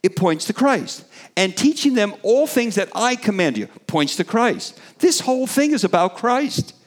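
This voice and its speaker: A middle-aged man preaching a sermon, animated, building to emphatic peaks and trailing off with fillers in between. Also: sits high, unhurried.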